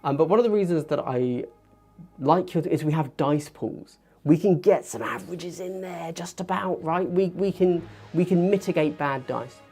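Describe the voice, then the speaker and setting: A man in his thirties hosting a casual hobby livestream, chatty and animated, getting worked up and poking fun at himself. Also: a little high, normal speed, breathy edge. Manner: chatty, animated, gets worked up and self-deprecating. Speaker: livestream host. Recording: faint background music.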